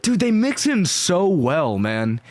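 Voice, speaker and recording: A man giving casual, excitable gameplay commentary, rambling and swearing freely as he plays. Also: high-pitched, takes it slowly. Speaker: gaming YouTuber.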